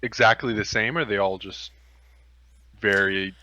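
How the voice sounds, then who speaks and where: Male player, bright voice, dry close sound, quick jokey lines. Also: on the low side, fairly even intonation, no room sound, muffled recording. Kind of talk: casual tabletop game chat.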